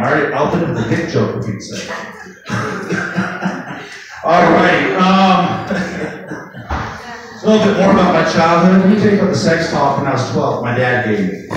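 A man doing a stand-up comedy routine, acting out shrill voices in his stories. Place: comedy club stage. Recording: echoey club from a distant mic. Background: audience laughter.

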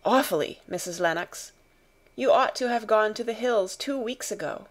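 A woman's voice: expressive, natural voice. A woman doing a shaken young male officer. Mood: grave. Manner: trembling, lowered and slowed.

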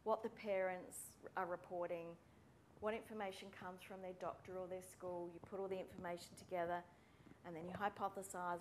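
A woman, a speech pathology lecturer giving a friendly, brisk welcome talk to students and calling out names. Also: on the low side, level tone, a little hiss or hum. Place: university room with students.

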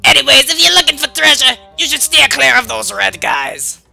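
A brash, turf-guarding mole creature from a video game barks at strangers in a vaguely Italian accent, put on by a woman. The voice sits fairly high and comes out very bright and forceful, all gruff swagger and volume. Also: lively intonation, moderate pace, soft background music, heavily acted. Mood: tough. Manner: loud, gruff, swaggering, shouty. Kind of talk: game dialogue voice-over.

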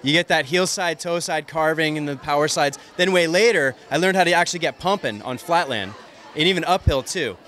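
Guy hyping his gadget nonstop, slightly high voice, outdoors. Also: fairly quick. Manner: excited, nonstop pitch. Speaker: product demonstrator.

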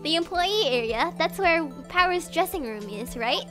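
A woman's voice: very high-pitched, lively intonation, moderate pace, over music. A woman reading the lines of an earnest young male defense lawyer in a game.

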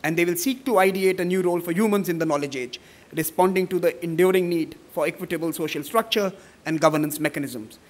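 A middle-aged man giving formal welcome remarks at a conference, measured, with many fillers when he speaks off the cuff. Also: a little high. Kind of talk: formal welcome speech, partly read, partly ad-libbed.

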